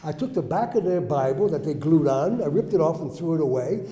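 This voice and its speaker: A man telling his life story to a live audience, asking them questions and acting out the quotes loudly. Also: on the high side, expressive, fairly quick, hardly any pauses. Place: hall with an audience. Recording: echoey hall.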